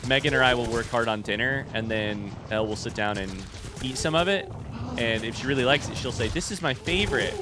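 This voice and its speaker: A man's voice: medium pitch, noisy background. A man in his thirties giving casual, chatty commentary while playing a video game, telling stories and poking fun at himself. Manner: chatty, self-mocking, storytelling between fights. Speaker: streamer.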